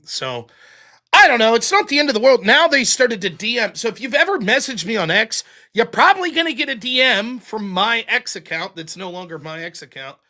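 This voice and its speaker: Male stream host, high bright voice, sarcastic and profane, loose rambling delivery. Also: sing-song, fairly quick. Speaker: show host. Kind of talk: livestream chat reading donations.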